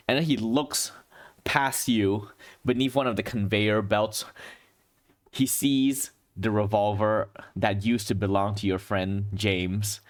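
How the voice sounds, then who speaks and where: A man running a tabletop game as game master, narrating scenes in descriptive storytelling with pauses and restarts. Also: on the low side.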